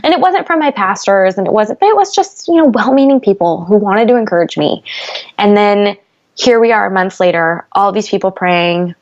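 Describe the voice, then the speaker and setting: A young woman speaks candidly and earnestly, filling her sentences with "like" as her intensity builds. Her voice sits at an ordinary pitch. The recording is a bit dull and lo-fi. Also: expressive, moderate pace, darkish tone. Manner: earnest, heavy use of "like", rising intensity. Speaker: podcast guest. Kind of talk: candid conversational storytelling. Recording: slightly dull lo-fi podcast audio.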